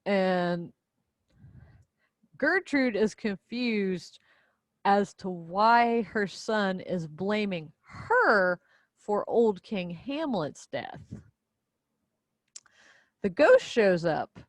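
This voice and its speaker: Young woman, casual class summary, chatty, slow delivery, dry close sound. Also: medium pitch, animated, no room sound. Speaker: student presenter.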